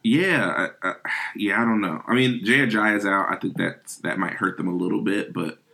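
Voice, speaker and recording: A man with a very low, gravelly voice talking casually about sports. He delivers his lines in a dry, deadpan way and moves the show along between topics. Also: normal speed. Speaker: podcast co-host.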